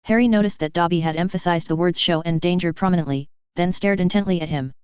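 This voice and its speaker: A woman narrating a story aloud, in a steady, even storytelling manner. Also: fairly low pitch, fast talker, smooth, no room sound. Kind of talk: audiobook reading of fan fiction. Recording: dull, slightly muffled recording.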